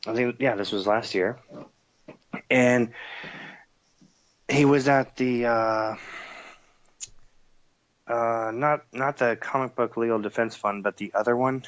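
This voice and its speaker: A man's voice: medium pitch, fairly even intonation, slow, pauses often, dry recording. A man talking as a podcast guest in casual chat, chatty and laughing, with many fillers. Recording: dull lo-fi sound.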